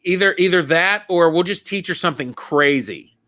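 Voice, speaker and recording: Excitable guy guest, high bright voice, laughs a lot, dry sound. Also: normal speed, no room sound. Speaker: guest comedian. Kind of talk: casual chat.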